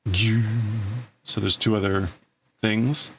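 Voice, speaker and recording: Gravelly man translating manga live. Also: lowish voice, fairly even intonation, moderate pace, a bit bright, slight background noise. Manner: thinks aloud, tries out wordings. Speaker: livestream host translating manga. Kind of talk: casual live translation commentary.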